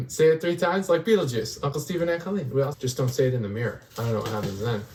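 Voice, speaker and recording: A man's voice: mid-range voice, fast talker, darkish tone, a little hiss or hum. A middle-aged man, a dad, casually reviewing food with his kids in an upbeat, joking way. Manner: jokey, upbeat, playful dad humor. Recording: voice picked up from a distance.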